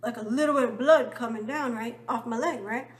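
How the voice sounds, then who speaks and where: A woman with a high voice tells a personal story in a loose, casual way. She rambles and keeps checking in with her listeners through tag questions. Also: fairly quick. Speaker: vlogger.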